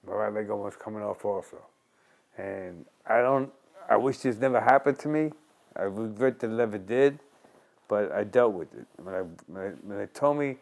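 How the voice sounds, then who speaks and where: Sixties New man, a former boxer being interviewed, mid-pitched, storytelling with lots of restarts. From Long Island, New York. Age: 60s. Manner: animated, acts out quotes in a raised voice, repeats and restarts. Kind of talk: conversational storytelling.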